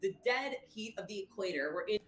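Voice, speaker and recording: A woman's voice: medium pitch, animated, a little fast, slight background noise. A woman on a livestream telling a long story, rambling and acting out what people said. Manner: rambling, acts out quotes. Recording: echoey room.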